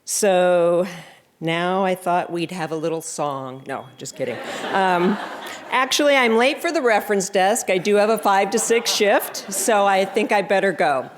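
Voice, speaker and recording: A woman's voice: medium pitch, unhurried, slight background noise. A woman in her fifties giving a wry, self-deprecating acceptance speech at a library reception. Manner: sarcastic, self-deprecating humor. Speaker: award recipient giving thanks.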